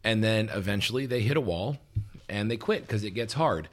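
A man co-hosting a relaxed talk show, explaining points patiently and checking in with "right?" between them. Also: fairly low pitch, moderate pace. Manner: relaxed, with frequent "um" and restarts, laughs easily. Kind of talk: casual teaching conversation.

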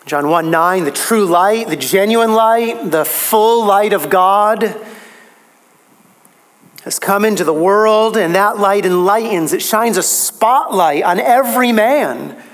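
A man preaching a sermon, emphatic, his pitch rising on key phrases. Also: slow pace.

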